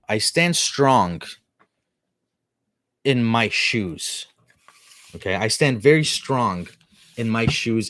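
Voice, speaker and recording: A middle-aged man talks casually to his live-stream viewers, his low voice circling back on itself with fillers and restarts. The sound is dry and close, with no room around it. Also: fairly bright tone, dry recording. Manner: rambling storytelling with many restarts and fillers.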